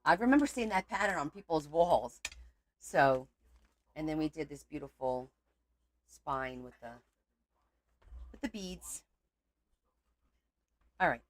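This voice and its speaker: A woman's voice: low-pitched, lively intonation, takes it slowly, long pauses. A woman hosting a casual crafting video at her home craft table, chatting loosely and breaking into exasperated outbursts. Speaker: crafting channel host.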